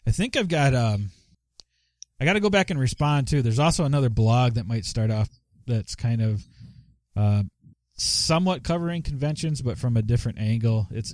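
A man's voice: medium pitch, a little mellow, dry recording, studio quality. Casual rambling podcast host, man. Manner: rambling with many fillers and laughs. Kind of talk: casual live show chat.

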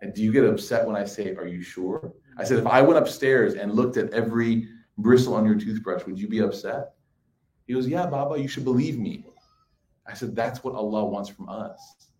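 Male preacher, 30s, casual animated storyteller, echoey hall. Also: medium pitch. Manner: conversational, animated storytelling with audience asides. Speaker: religious speaker. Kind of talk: sermon with personal anecdotes. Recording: echoey room.

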